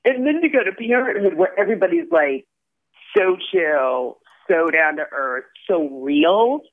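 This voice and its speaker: A man's voice: a little high, animated, measured pace. Effusive man on a tinny phone line. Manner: effusive, heavy on "like" and "you know" fillers. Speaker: actor guest. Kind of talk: casual interview chat. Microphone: phone call.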